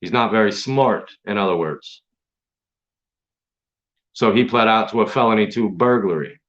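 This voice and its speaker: A man's voice: on the low side, moderate pace, a bit bright. A man hosting his own stream, delivering an angry, profane, confrontational rant straight at his critics. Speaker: online stream host. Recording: dull lo-fi sound.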